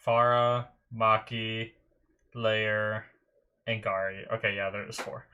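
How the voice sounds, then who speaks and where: A man's voice: lowish voice, level tone, slow pace, sharp tone, smooth, highs cut off. A young man in his bedroom, chatting casually as an anime reaction host and rambling through a story with many restarts. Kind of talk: casual chat. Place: bedroom at home.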